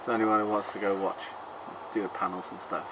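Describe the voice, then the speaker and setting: Fast talking bloke, lowish voice, dry swearing, lots of background noise. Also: male voice, flat delivery. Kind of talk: casual chat between friends.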